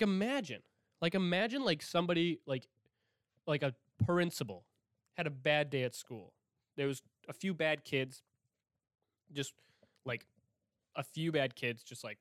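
A young man from Milwaukee hosting a casual solo podcast rant, profane and excitable, swinging from loud outbursts to hushed asides. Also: a little high, no room sound, studio quality. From Milwaukee, Wisconsin. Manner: profane, excitable, swings between shouting and whispering. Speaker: podcast host.

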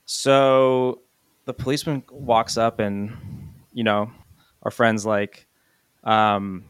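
A man's voice: medium pitch, little pitch movement, slow, clean tone, dry recording. A man co-hosting a podcast, talking in an upbeat, chatty way. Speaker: podcast co-host. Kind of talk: casual podcast chat.

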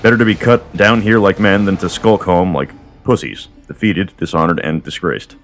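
Man reading fierce young warrior, defiant, blunt, deep voice, faint music. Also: normal speed.

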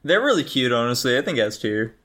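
A man's voice: medium pitch, big pitch swings, fairly quick, fairly bright tone. A man co-hosting a casual podcast chat, laid-back and casually swearing. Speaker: podcast co-host.

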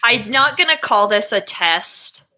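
A woman's voice: fairly high pitch, expressive, measured pace, pushed and bright, a little hiss or hum. A woman co-hosting a podcast in casual comedic chat, reading out a story and joking with a lot of swearing. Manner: swearing, jokey, reads story notes. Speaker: podcast co-host.

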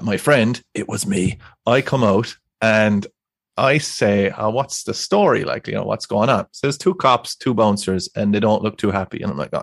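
A man's voice: lowish voice, gravelly, dry recording, studio quality. A young Irish man rambling through a story in casual chat, laughing as he goes. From Ireland. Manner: rambling, animated, laughs through his stories. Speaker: guest.

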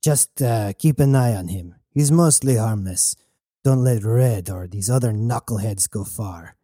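A man voicing a stern, gruff female officer who is wounded. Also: fairly low pitch, a little slow, dark tone, dry recording, studio quality. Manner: gruff, commanding.

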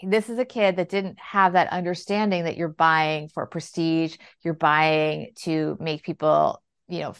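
A woman guest on a podcast, a financial planner telling parenting stories in a conversational, animated way and acting out the dialogue. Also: deep voice, measured pace, hardly any pauses, clear, resonant tone. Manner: animated, acts out quoted dialogue. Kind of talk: conversational storytelling. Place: lives in New York City.

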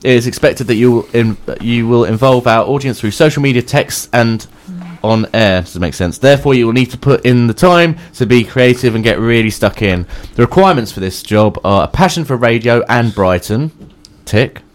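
A man's voice: mid-range voice, normal speed, few pauses. A man co-hosting a radio show, joking around and reading a job advert aloud with lots of ums. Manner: joking, reads aloud with hesitant fillers. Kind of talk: casual radio banter.

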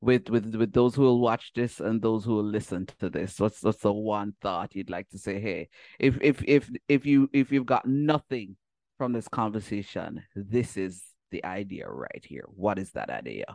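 A man's voice: on the low side, animated, moderate pace, vocal fry, darkish tone, no echo. A man hosting a podcast, asking questions with repeated false starts and closing the show. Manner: repeats words when starting, thankful. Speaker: podcast host. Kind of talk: interview and sign-off.

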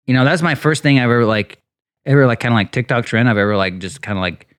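A man in casual podcast chat, telling animated anecdotes and swearing freely. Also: medium pitch, no room sound, studio quality. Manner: fast, profane, animated anecdotes. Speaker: podcast co-host.

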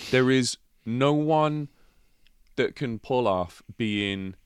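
A man's voice: medium pitch, drawn-out words, smooth, no room sound. A man co-hosting a podcast, in a casual film discussion, talking enthusiastically and swearing. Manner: enthusiastic, sweary, emphatic lists. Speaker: podcast co-host.

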